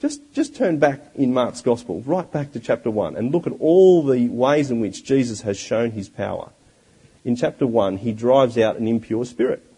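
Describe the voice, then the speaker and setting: A man preaching a sermon, expressive and full of rhetorical questions. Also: mid-range voice, normal speed, breathy edge, low-quality recording.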